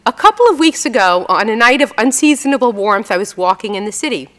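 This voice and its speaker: Lively New woman telling wry stories. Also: a little high, big-room sound. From New York. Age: 60s. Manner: chatty and self-mocking, with lots of fillers and quick voiced asides. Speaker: author giving a talk. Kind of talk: storytelling talk with slides and a reading. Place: event hall before an audience.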